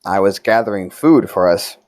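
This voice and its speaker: A man's voice: low voice, expressive, normal speed, darkish tone, no room sound. A man playing a tabletop role-playing game, bantering and laughing between rolls. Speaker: player. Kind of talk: tabletop role-play chat.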